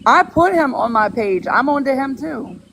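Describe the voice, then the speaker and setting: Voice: high-pitched, very animated, moderate pace, crowd noise, low-quality recording. A guest on a livestream call with a Boston accent, talking bluntly and insistently. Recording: audible background noise.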